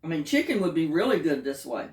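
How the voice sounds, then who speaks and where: A woman talks through her home cooking and garden in an easygoing, chatty way. She savors each bite with soft murmurs of approval. The sound is dry and close, with no room echo. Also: low voice, very animated, fast, husky. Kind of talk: casual home vlog chat.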